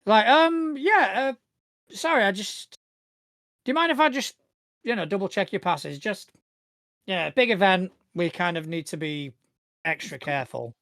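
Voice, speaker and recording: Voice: medium pitch, normal speed, pauses often, fairly bright tone, no echo, clean studio sound, voice pushed up, natural voice. A game master voicing a nervous, apologetic male security guard who hesitates and says sorry often. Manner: hesitant, full of fillers and apologies.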